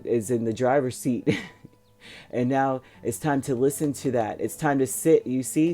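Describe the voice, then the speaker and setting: Mellow-voiced man giving a tarot reading. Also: medium pitch. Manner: rambling, reassuring, with many fillers and restarts. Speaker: tarot reader. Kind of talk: casual spoken tarot reading.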